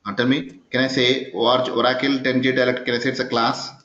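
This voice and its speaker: A man's voice: mid-range voice, level tone, fairly quick, a bit bright. Man teaching code, quizzing the class. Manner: keeps quizzing the class, asking 'yes or no?'. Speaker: programming instructor. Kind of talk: live coding lecture. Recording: echoey, dull recording of a class session.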